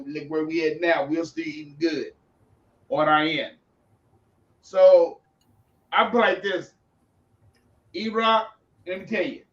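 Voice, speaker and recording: A man on a podcast, casually rambling through a story in a relaxed, chatty way. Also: high voice. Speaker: podcast co-host. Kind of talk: casual chat. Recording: roomy, distant, dull lo-fi sound.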